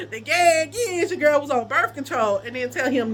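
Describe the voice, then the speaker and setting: A young woman telling a personal story to her viewers in a casual, animated way, often laughing and quoting people. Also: high-pitched, unhurried.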